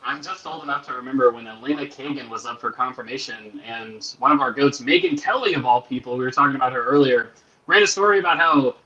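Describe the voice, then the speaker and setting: Fast, exasperated male guest, distant roomy mic, crowd noise behind. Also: medium pitch, bright, forceful tone, dull audio. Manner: exasperated, profane, mocking voices. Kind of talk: casual political talk.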